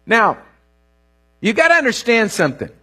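This is a middle-aged man preaching a sermon. His voice sits high and sounds husky. He tells folksy stories with lively swings of pitch and sudden rising bursts. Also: moderate pace. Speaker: pastor.

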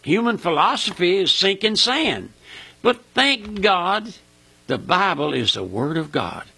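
An older man preaching with a Mississippi Southern drawl, folksy and fervent. His gravelly, husky voice swings high and low and sounds bright and forceful. The sound is close and dry. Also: very animated, unhurried, dry recording. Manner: folksy, fervent, repeats "my friend" and "listen". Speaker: radio preacher. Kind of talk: radio sermon.

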